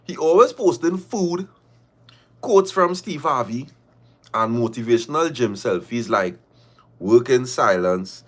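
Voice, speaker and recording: A man's voice: on the high side, animated, measured pace. A man hosting a livestream, reading viewer stories aloud and reacting with laughter and repeated phrases. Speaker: livestream host.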